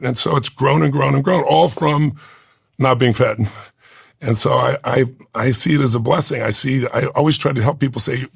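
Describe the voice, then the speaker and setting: A man, a podcast guest, telling a heartfelt personal story in an earnest, halting way with frequent fillers and restarts. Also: mid-range voice, gravelly, husky, no room sound, clean studio sound. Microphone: studio podcast mic.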